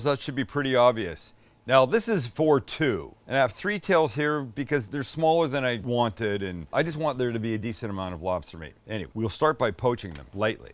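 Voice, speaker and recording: Older man hosting a joking cooking show. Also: medium pitch. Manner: joking, self-deprecating, rambling asides. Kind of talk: casual cooking demo chat.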